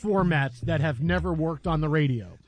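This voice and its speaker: A man's voice: on the high side, animated, moderate pace. A man hosting a radio talk show in casual joking banter, rambling with frequent restarts. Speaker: radio host.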